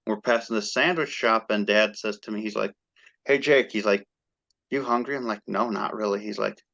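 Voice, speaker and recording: A man, a guest fan, telling a story in casual chat, excited and animated as he acts out the quoted dialogue. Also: on the low side, fairly quick, creaky, highs cut off.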